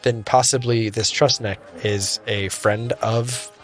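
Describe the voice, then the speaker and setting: A man's voice: lowish voice, fairly even intonation, takes it slowly, faint music behind. Hesitant man playing a tabletop game. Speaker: player.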